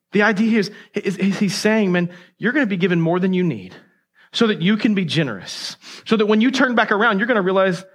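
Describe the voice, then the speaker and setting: A man with a notably high voice delivers a sermon from the pulpit. He is middle-aged and talks emphatically, slipping into conversational stories and asides as he preaches. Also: lively intonation, a little fast, a bit bright, breathy edge. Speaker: pastor.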